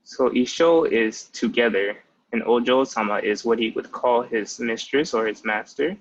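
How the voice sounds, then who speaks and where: Young man teaching a relaxed language lesson. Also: mid-range voice, muffled recording. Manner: patient, explanatory, with frequent "like" fillers. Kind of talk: casual online language lesson.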